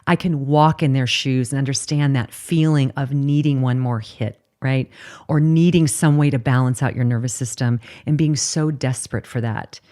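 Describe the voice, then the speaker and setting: A woman's voice: very deep voice, fairly even intonation, normal speed, warm tone. A woman in her forties, a clinical director and therapist, answering interview questions in an earnest, emphatic way.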